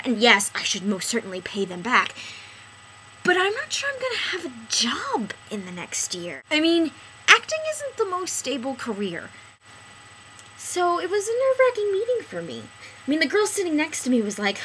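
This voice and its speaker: A woman in her early twenties talking to camera in a casual vlog, chatty and animated, jumping between excited bursts and hushed asides. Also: high-pitched, normal speed, slight background noise, low-quality recording. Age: early 20s. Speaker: vlogger.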